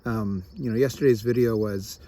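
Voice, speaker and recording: Low-voiced man, candid and halting. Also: fairly even intonation, dark tone. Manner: candid, self-deprecating, with frequent restarts and repetitions. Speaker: vlogger. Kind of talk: reflective personal vlog.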